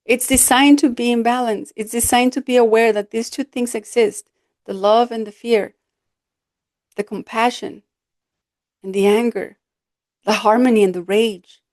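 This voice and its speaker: A woman coach hosting her podcast, talking in an earnest, expressive way and acting out quoted remarks. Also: a little high, measured pace, pauses often, dry recording, studio quality. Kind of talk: reflective solo podcast talk.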